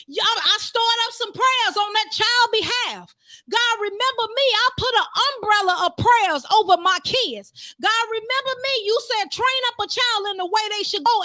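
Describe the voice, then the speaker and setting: A woman preaching an impassioned sermon, fervent and rising to shouts. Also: very high voice, dry recording, clean studio sound.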